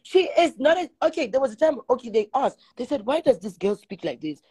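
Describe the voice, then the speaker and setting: A woman's voice: high voice, big pitch swings, a little fast, a little mellow, slightly rough. A woman hosting a casual chat, chatty and egging her guest on. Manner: chatty, egging on, begging viewers for money. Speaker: host.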